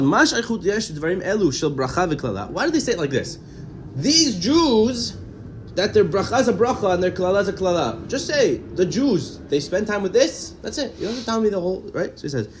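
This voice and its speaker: A man teaching a Torah class, reading out Hebrew texts and explaining them. He talks with energy, often repeats words as he goes and keeps asking rhetorical questions. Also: a little high.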